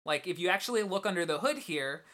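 A woman's voice: on the low side, expressive, fast, fairly bright tone. A woman co-hosting a podcast, arguing her points about a film emphatically, with some swearing. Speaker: podcast co-host. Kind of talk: casual film discussion.

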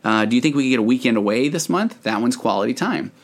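A man's voice: mid-range voice, lively intonation, quick pace. A man in his forties, a marriage therapist hosting a casual podcast, telling stories in a chatty way with many fillers.

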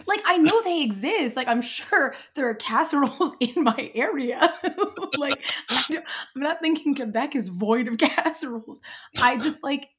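A Canadian woman with a high, bright-sounding voice chats loosely on a podcast, breaking into giggles often. Her speech is animated and easygoing. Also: normal speed. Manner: giggly, animated, laughs often while talking. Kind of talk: casual chat.

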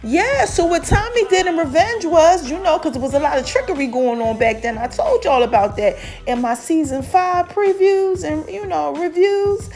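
A woman podcast host giving an excitable, casual recap of a TV episode, talking straight to her listeners. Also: very high voice, moderate pace, few pauses, soft background music. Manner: excitable storytelling, addresses listeners as y'all.

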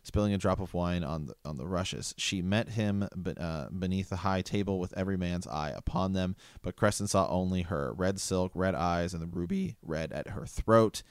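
A man's voice: sits low, normal speed, few pauses, clear, resonant tone, dry recording, clean studio sound. A man in casual conversation about a book, reading passages aloud and reacting with enthusiasm. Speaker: podcast co-host discussing a book.

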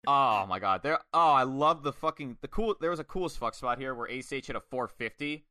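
Fired-up guy with a bright sharp voice, swears a ton, dry close sound. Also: medium pitch, a little fast, dry recording. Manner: excitable, swears a lot, acts out quotes. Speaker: podcast co-host. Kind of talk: casual wrestling review chat.

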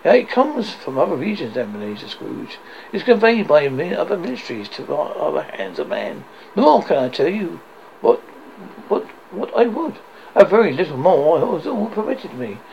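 A man voicing the mournful ghost of an old businessman bound in chains, lamenting in a solemn, drawn-out way. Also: fairly high pitch, big pitch swings, gravelly, darkish tone, dull audio, a little hiss or hum.

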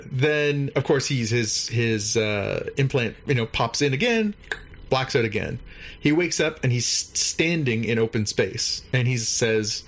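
Rambling man recapping an episode casually. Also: medium pitch. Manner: rambling, animated storytelling with many fillers.

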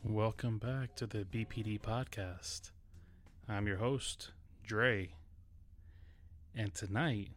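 A man's voice: on the low side, slow pace, pauses often, fairly bright tone. A man from New York hosting a solo podcast episode, talking casually and a little nervously, with restarts. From New York City. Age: adult. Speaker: podcast host.

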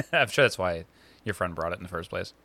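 Bright, lively-voiced podcast co-host man. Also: low-pitched, a little fast, vocal fry. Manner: wry interjections and dry quips. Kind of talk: casual chat.

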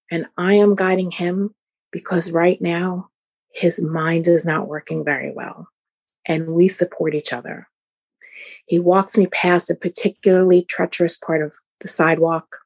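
A woman with a slightly low, husky voice recounts a personal story. Her telling is measured and reflective, laid out in short phrases. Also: fairly even intonation, darkish tone. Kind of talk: personal story told to an audience.

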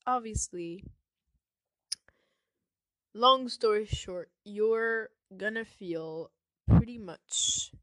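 Solo podcast host, female, sick voice, slow measured delivery, dry close sound. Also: fairly high pitch, fairly bright tone, no room sound. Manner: reflective, many fillers and restarts.

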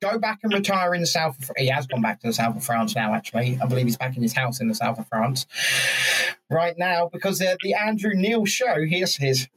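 A man hosting a podcast, chatting about politics in an animated way, swearing and restarting his sentences. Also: fairly high pitch, fairly quick, low-quality recording. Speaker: podcast host. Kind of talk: casual political chat.

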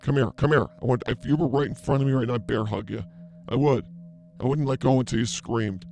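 A man's voice: medium pitch, fairly quick, vocal fry, darkish tone, soft background music, lightly acted. A man playing a brash self-declared psychic healer in an improvised comedy bit, talking in a theatrical, blustering way. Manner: over-the-top, theatrical, blustering.

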